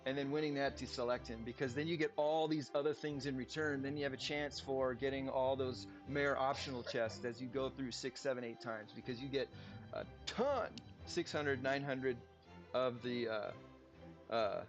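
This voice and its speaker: A man's voice: mid-range voice, fairly even intonation, moderate pace. A man, casually chatting on a live game stream, rambling, talking to himself and his viewers. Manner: rambling, talks to himself and chat. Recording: dull lo-fi stream audio with music.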